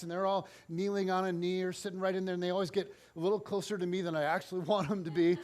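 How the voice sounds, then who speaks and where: Man, pastor, sermon, high voice, animated storyteller. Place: church.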